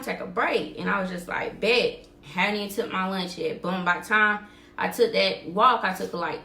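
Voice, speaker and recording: A woman's voice: fairly low pitch, bright, forceful tone, echoey room. A woman hosting a podcast, telling a story in casual talk and acting out what people said. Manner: vivid retelling, acting out quoted dialogue. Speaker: podcast host.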